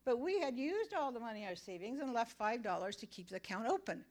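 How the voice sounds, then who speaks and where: A woman's voice: on the high side, fast talker. Older woman telling a faith story. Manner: chatty, animated storyteller. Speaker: church member giving testimony. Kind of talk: personal faith testimony.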